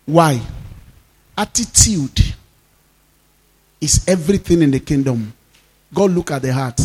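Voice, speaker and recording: A male pastor with a Nigerian accent preaching a sermon, reading scripture slowly and breaking into emphatic, rising declarations. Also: fairly high pitch, animated, darkish tone, breathy edge. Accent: Nigerian, Yoruba-speaking. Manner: mixes in Yoruba phrases.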